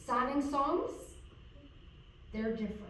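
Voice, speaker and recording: A woman's voice: sits high, slow pace, a bit bright, slight background noise. Encouraging woman coaching, echoey room. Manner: encouraging, checks in with repeated "okay?". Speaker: sign language interpreter coaching a student. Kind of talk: hands-on coaching lesson. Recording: echoey room, far from mic.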